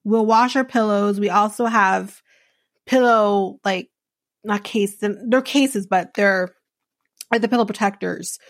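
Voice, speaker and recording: Speaking slowly at a medium pitch, a podcast host talks through a reality show recap, rambling and starting over many times in a casual, chatty manner. The sound is clean, dry, and studio-grade.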